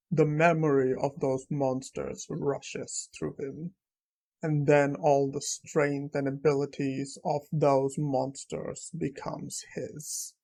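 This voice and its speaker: Male narrator, gravelly, husky, slow, matter-of-fact recap reading. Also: medium pitch, a little mellow, poor audio.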